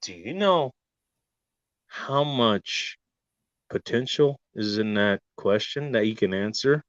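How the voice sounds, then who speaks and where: A man delivers a swearing, mock-serious rant as the host, hammering rhetorical questions. His volume lurches from bursts to quiet mutters. The recording is dull and lo-fi, with a dry, close sound. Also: on the low side, animated, slow pace, long pauses, no room sound. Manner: swings from loud outbursts to near-murmurs.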